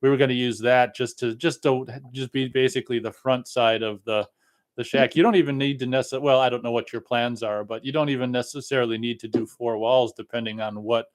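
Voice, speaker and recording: Casting: man, podcast co-host, middle pitch, friendly, stumbles over restarts. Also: steady tone, brisk. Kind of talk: casual chat.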